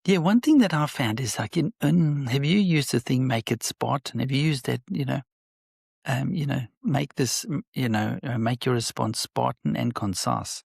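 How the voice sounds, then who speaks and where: A man, a business owner and guest on an interview podcast, telling stories in an animated way and acting out quoted dialogue. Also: mid-range voice, moderate pace, vocal fry, husky, dry recording, studio quality. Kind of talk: conversational interview.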